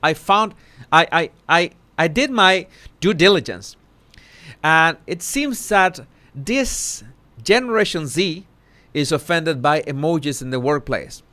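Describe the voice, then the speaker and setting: A man hosting a casual live commentary, talking haltingly with many restarts and self-corrections. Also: fairly high pitch, sing-song, sharp tone. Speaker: social commentary host.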